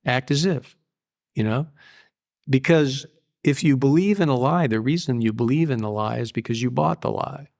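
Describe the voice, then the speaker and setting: A man's voice: medium pitch, moderate pace, gravelly, darkish tone. An older man in a candid interview about his recovery, blunt and profane, telling stories plainly. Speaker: guest.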